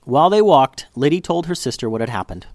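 A man reading a children's story aloud in an expressive, animated way. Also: medium pitch, fast, dry recording, studio quality.

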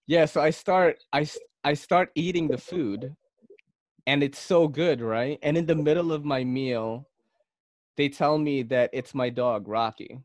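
A man's voice: a little high, measured pace, no echo, studio quality. Rambling, laid-back man hosting a podcast. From Philippines. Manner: rambling storyteller, many fillers and restarts. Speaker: podcast host. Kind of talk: casual podcast chat.

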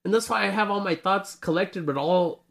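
A man in his twenties co-hosting a casual podcast chat, rambling and animated, often laughing. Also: high voice, moderate pace, gravelly. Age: 20s. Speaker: podcast co-host.

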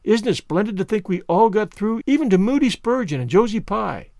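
A man's voice: high voice, no room sound, studio quality. A man voicing an eager, dramatic teenage girl student, talking earnestly and effusively. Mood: joyful. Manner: earnest, effusive, quick when excited.

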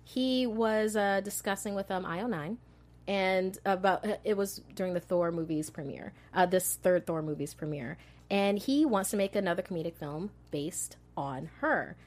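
A woman's voice: lowish voice, expressive, moderate pace. A woman hosting a casual movie news chat, bubbly and giggly as she talks. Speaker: host.

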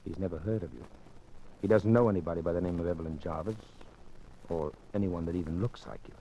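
A man's voice: sits low, quick pace, mellow, a little hiss or hum. A man playing a wealthy, courteous man under suspicion in 1940s radio acting, easygoing with hesitant restarts. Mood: pleading. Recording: dull lo-fi old radio recording, faint music.

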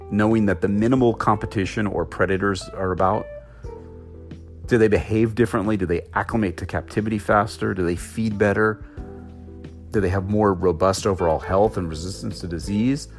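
A man giving a thoughtful, musing explanatory talk about aquarium keeping, posing rhetorical questions as he goes. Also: lowish voice. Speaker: aquarium hobby educator.

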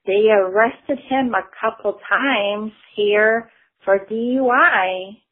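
A woman from Florida leaving a wry, deadpan voicemail for a podcast host. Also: mid-range voice. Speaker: caller. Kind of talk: voicemail message. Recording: tinny phone line.

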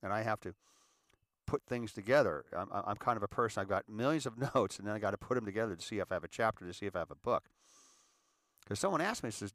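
A man in his fifties telling his own life story to an audience, earnest and halting, often repeating words as he restarts. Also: on the low side, expressive, a bit bright, no echo, clean studio sound. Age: 50s. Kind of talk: personal monologue addressing an audience.

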